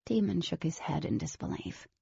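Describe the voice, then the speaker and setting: A woman's voice: low voice, sing-song, moderate pace, vocal fry, warm tone, husky, dry recording, highs cut off, full character voice. A woman narrating a novel as a wary teenage girl, in scripted audiobook style.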